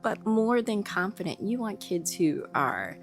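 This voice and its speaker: A woman, an early childhood educator speaking as a guest in a relaxed podcast conversation, calm and reassuring as she explains things patiently. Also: medium pitch, measured pace, soft background music.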